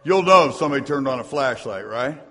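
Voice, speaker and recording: A man's voice: mid-range voice, expressive, fast, fairly bright tone. A man preaching a sermon as pastor, reading scripture aloud and tossing asides to his congregation in a church sanctuary. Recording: long hall reverb.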